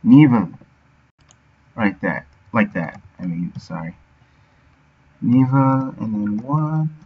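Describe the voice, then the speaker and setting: A man's voice: fairly low pitch, very animated, takes it slowly, slightly rough. A man streaming his game development work, thinking aloud and sounding out words as he goes. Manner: muttering to himself, sounding out words. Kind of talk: thinking aloud while working. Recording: dull lo-fi audio.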